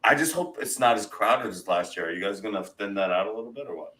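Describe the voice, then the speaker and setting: Man, podcast co-host, casual joking chat, lowish voice. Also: fast, rough recording. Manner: joking, animated, laughs easily.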